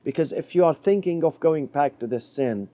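Mellow-voiced male preacher telling a story. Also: expressive, normal speed. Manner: storytelling, dropping to a soft low voice for quoted words. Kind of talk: sermon.

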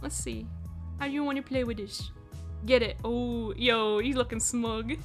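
A young woman streaming a game live, giggling often and squealing with excitement while she chats. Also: on the high side, normal speed. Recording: faint music behind. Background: faint music.

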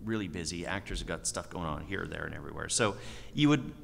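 A middle-aged man, a voice actor answering questions on a convention panel, self-deprecating and quick to laugh. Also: sits low, animated, creaky, slight background noise. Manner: self-deprecating, laughs often, acts out quoted remarks. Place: large convention hall. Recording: echoey hall.

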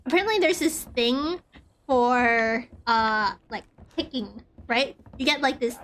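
A woman's voice: high voice, unhurried, fairly bright tone, a little hiss or hum. A woman streaming a horror game, rambling nervously, swearing often and filling her talk with "like". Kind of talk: casual gameplay commentary.

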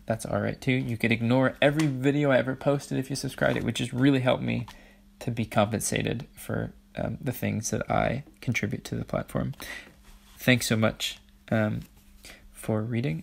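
Gravelly man reading a storybook aloud. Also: medium pitch, fairly even intonation, moderate pace. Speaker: audiobook reader.

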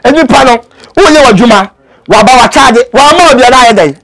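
Earnest Ghanaian man with a very high voice. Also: expressive, a little fast, a bit bright. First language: Twi. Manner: earnest, pleading, switches between languages. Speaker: actor. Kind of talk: casual interview talk.

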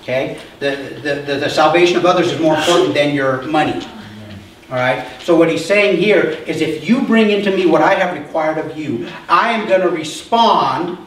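In a church, a male pastor with a fairly high, slightly bright voice preaches at a moderate pace, conversationally asking the congregation questions. Recorded from a distance in an echoey hall, with slight background noise.

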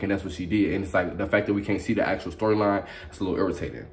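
A young man runs through his opinions at a rapid clip, in a fairly low voice. He is brash and sassy, and he swears freely in a casual vlog-style review. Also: darkish tone. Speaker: reality show reviewer.

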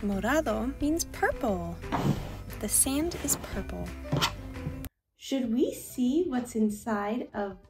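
A woman with a high, bouncy voice teaches toddlers at a very slow, careful pace. She coaxes them with exaggerated gasps and repeats each word. The room is echoey and soft music plays underneath. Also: very animated. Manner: exaggerated gasps and sing-song coaxing; slow, deliberate repetition for toddlers. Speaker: children's language teacher. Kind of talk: children's educational talk.

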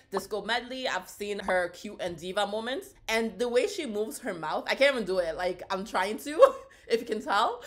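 A woman reaction vlogger in casual, playful commentary, excitable and quick to laugh and whoop. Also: medium pitch. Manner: chatty and playful.

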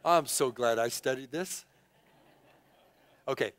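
Impassioned pastor preaching, smooth voice. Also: male voice, mid-range voice, takes it slowly, no room sound. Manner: impassioned, rising and falling between loud and hushed; conversational, with asides. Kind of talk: sermon. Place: church sanctuary.

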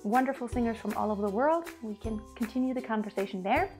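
Bright-voiced woman vocal coach. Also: a little high, animated, fast talker, faint music behind. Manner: explains with sung demonstrations. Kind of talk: singing lesson.

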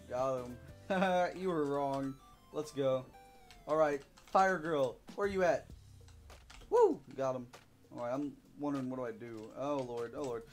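A young man giving let's play commentary, excitable, whooping and shouting while he plays. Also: fairly high pitch. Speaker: gaming YouTuber.

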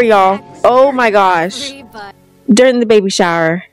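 A woman's voice: mid-range voice, lively intonation, measured pace, faint music behind. A young woman giving casual, chatty commentary on a life-simulation game, exclaiming often and voicing what the characters think. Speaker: gameplay vlogger.

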